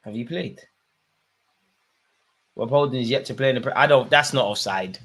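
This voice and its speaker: A young man, commentating live on a football match for his viewers and shouting at the screen. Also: medium pitch, moderate pace, pauses often. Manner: excitable, swings from muttering to shouting at the screen. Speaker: football watchalong host. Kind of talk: live watchalong commentary, casual.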